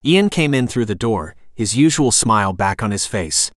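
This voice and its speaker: A man reading a romantic suspense novel aloud as an audiobook narrator, in a steady, even storytelling manner. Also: lowish voice, normal speed, no room sound, clean studio sound. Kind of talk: scripted narration.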